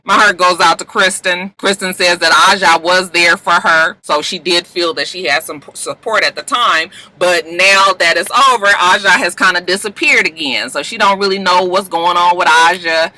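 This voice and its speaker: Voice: medium pitch, normal speed, hardly any pauses, sharp tone, low-quality recording. A vlogger recapping a reality show in a sassy, slangy chat with plenty of swearing.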